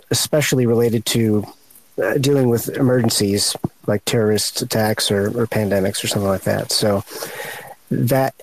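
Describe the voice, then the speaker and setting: A man speaking as a panel guest, slow and searching for words with many pauses. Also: medium pitch, a little mellow, poor audio. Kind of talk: unscripted panel talk.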